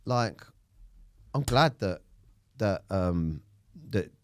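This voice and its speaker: A man speaks haltingly about personal struggles, often stopping and restarting. His voice is low-pitched and recorded close and dry. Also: animated, no echo. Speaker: podcast co-host. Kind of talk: candid personal storytelling.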